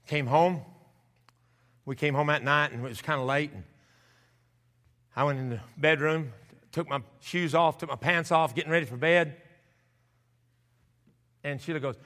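A man preaching a sermon, telling a story and acting out the scenes with shouts and laughter, recorded in a church sanctuary. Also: high-pitched, fairly quick. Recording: church hall with long reverb.

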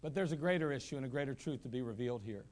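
A male pastor preaching a sermon in a church, animated, with asides and repeated phrases. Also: mid-range voice, very fast. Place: church sanctuary.

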